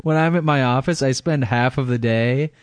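A man co-hosting a podcast in casual chat, with a dry, deadpan humor. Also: mid-range voice, moderate pace, no echo. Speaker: podcast co-host.

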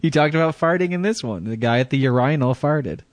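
A man's voice: mid-range voice, expressive, fairly quick, no room sound. A man co-hosting a podcast, teasing and giggling through casual banter. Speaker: podcast co-host.

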